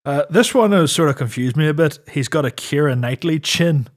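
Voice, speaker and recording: A man's voice: fairly high pitch, animated, normal speed. A man co-hosting a podcast, teasing his partner and asking dry questions in casual banter. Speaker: podcast co-host.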